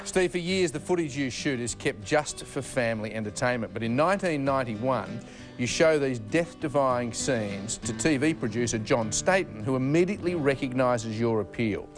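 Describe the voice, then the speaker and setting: A man's voice: mid-range voice, animated, normal speed. A man hosting a TV tribute show, reading formal narration and interviewing guests. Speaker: TV host. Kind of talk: scripted tribute presenting and interviewing. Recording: TV studio with live audience and music.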